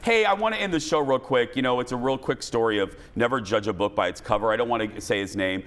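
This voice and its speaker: A man's voice: mid-range voice, fast talker, fairly bright tone. Earnest, upbeat male talk show host. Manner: upbeat, earnest, gets emotional and heartfelt. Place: TV studio with live audience.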